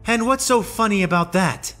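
A man's voice: high-pitched, normal speed, a bit bright, faint music behind, voice pushed up. Ahsoka, a man voicing a firm young alien warrior woman. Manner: firm, commanding, wry.

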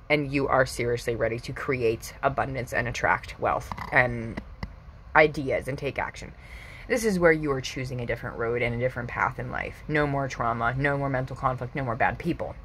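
A woman doing a casual tarot reading for viewers. She is excitable, laughs often, swears casually and calls the audience pet names. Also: extremely low pitch, normal speed, a little hiss or hum, low-quality recording. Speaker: tarot reader.

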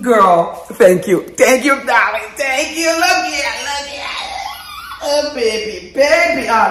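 A woman hosting a casual cooking vlog, hoarse from shouting, exuberant and quick to laugh and yell. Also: medium pitch, reverberant, slight background noise. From Liberia. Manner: exuberant, laughs and yells often. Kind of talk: casual chat to camera. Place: home kitchen.

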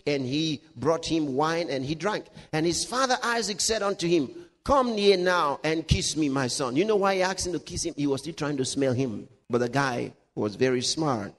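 A male pastor preaching a sermon, reading scripture aloud with laughs, dramatic pitch swings and slowed emphasis. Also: long reverb tail.

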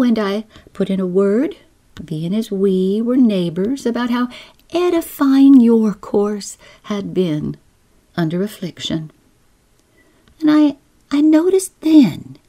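A woman's voice: mid-range voice, vocal fry, dark tone, husky, pitched above the performer's own voice, heavily acted. A woman voicing a whining, gossipy older village woman with a rural New England accent, rambling on in a storybook reading. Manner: whining, rambling, self-pitying.

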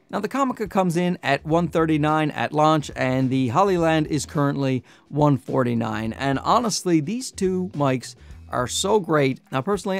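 A man with a nasal voice, chatting casually through a product review on a clip-on lapel mic, joking and sometimes getting loud. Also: fairly high pitch, creaky. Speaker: camera gear reviewer.

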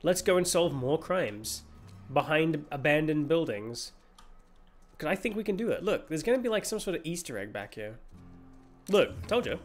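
Man live-streaming a game, slightly high voice, rambling, jokey, full of fillers. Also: sing-song, moderate pace, faint music behind. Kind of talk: casual gameplay commentary.

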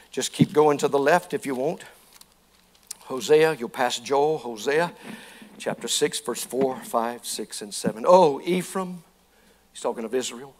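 High-voiced preaching pastor. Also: male voice. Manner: folksy preaching, rising to impassioned shouting. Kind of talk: sermon. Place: church sanctuary.

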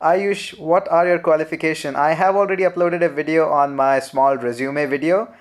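A young man with an Indian English accent answering viewer questions in a relaxed, chatty live Q&A, full of "uh" fillers. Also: a little high, normal speed. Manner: relaxed, chatty, frequent "uh" fillers, laughs often. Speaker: programming channel host. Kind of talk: live Q&A, reading viewer comments.

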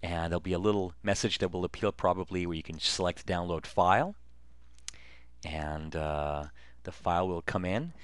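Low-voiced man narrating a software tutorial. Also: normal speed, smooth, dry recording. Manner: relaxed step-by-step narration with frequent fillers. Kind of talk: screen-recorded software walkthrough.

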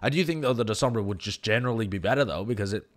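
Esports streamer, male, lowish voice, blunt, swears freely, rants while reading chat. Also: racing. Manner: blunt and profane, ranting; reads and answers viewer chat. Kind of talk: live-stream match analysis.

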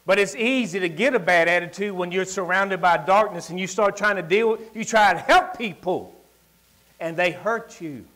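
A man with a rural Southern US accent preaches in a church service, his voice sitting high for a man. He talks in a folksy, emphatic way, swinging from ringing declarations to quiet, confiding asides. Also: normal speed. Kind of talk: sermon with personal storytelling.

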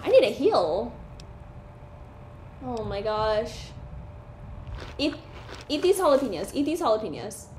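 A woman commenting on her own gameplay, excitable and talking back at the enemies on screen. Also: on the high side, a little slow, pauses often. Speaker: gaming streamer. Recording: echoey room with faint hiss.

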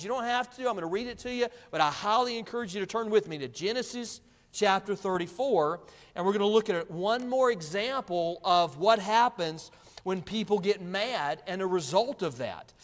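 Male pastor, higher voice, emphatic repetitive preaching, church hall reverb. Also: moderate pace. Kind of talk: sermon. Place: church sanctuary.

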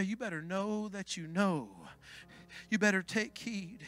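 A man preaching a Pentecostal sermon as pastor, swinging from hushed asides to shouted climaxes. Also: high-pitched, unhurried.

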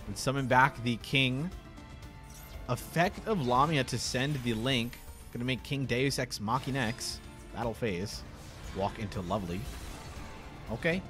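A man casually commentating card game replays, excitable and quick to burst into laughter. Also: mid-range voice. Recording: faint background music.

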